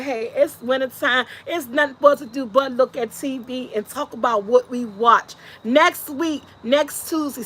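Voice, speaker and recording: Woman, live-stream host, lively chat, bright voice. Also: high-pitched. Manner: lively, laughs often, talks to chat. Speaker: vlog host.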